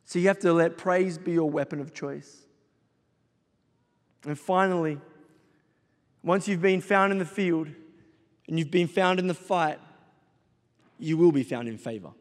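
A middle-aged man delivers a sermon in a fairly high voice, driving home his points with repeated exhortations. His voice carries the long reverb of a large church hall. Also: measured pace, long pauses. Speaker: pastor.

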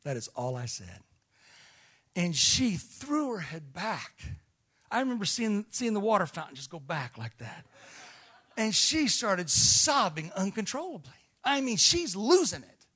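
A man with a high voice preaches a sermon as a storyteller. He drops to near hushes and then climbs to shouting peaks. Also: big pitch swings, measured pace, husky. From Illinois. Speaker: missionary preacher.

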